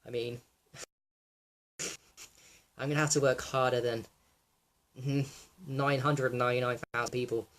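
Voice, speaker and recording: A young man in a raw personal monologue, reflective and halting, with many fillers and restarts, sometimes close to tears. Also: mid-range voice, little pitch movement. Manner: emotional, close to tears at times. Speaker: wellness vlogger.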